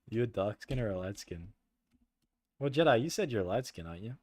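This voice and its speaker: A man's voice: fairly low pitch, sing-song, moderate pace, darkish tone, no room sound. A young man streaming a horror game, chatting with friends, swearing a lot and laughing nervously.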